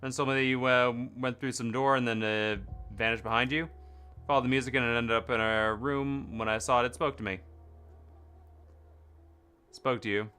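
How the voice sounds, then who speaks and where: A young man streaming a game, reading the characters' lines aloud and breaking off into loud, excited chatter with his viewers. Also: medium pitch, moderate pace, long pauses, clean tone, soft background music.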